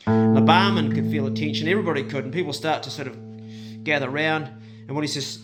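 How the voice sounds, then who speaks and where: A man's voice: a little high, quick pace. A man telling a story in a rambling, colloquial way. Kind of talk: casual spoken storytelling. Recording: loud guitar music behind.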